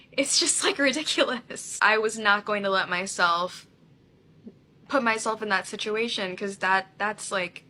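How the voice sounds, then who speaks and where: A woman's voice: medium pitch, steady tone, a little slow, pushed and bright, slight background noise. A woman casually recounting a personal experience, chatty and full of "like". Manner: chatty, says "like" often.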